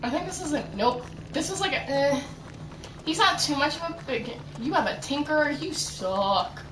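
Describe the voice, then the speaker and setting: A woman's voice: high-pitched, lively intonation, recorded from a distance, background noise. Chatty young woman gaming, roomy echo. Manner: rambling, chatty, quick asides. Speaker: gaming streamer. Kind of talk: casual gameplay commentary. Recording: roomy echo, voice set back from mic, faint music.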